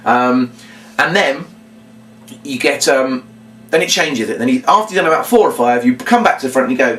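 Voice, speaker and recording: A man explaining a children's party routine and acting out what he says to the kids, with big bursts of shouting. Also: mid-range voice, normal speed, long pauses. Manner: animated, acts out lines to children with big shouts. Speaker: children's entertainer teaching a routine. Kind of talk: instructional talk with acted demonstrations. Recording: voice from a distance off the mic.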